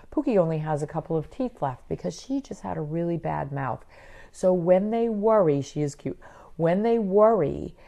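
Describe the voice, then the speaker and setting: A middle-aged woman veterinarian giving a chatty, animated talk about pets, full of quick asides. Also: fairly low pitch, creaky. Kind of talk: casual educational talk.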